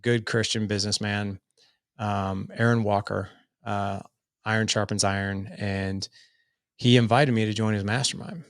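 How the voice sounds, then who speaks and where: A man's voice: on the low side, steady tone, unhurried, no echo, studio quality. A middle-aged man telling his story as a podcast guest, earnest and loose, with lots of "like" fillers. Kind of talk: casual storytelling in an interview.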